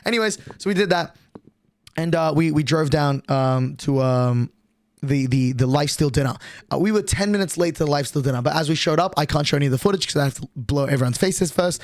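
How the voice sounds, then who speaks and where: A man's voice: fairly high pitch, no room sound, clean studio sound. Profane, rambling young man streamer. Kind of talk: casual storytelling on a livestream.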